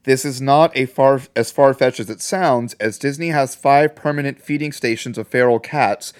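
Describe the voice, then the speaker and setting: A man's voice: medium pitch, moderate pace, smooth. A man co-hosting a casual movie review chat, rambling and joking, often trailing off mid-sentence. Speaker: podcast co-host.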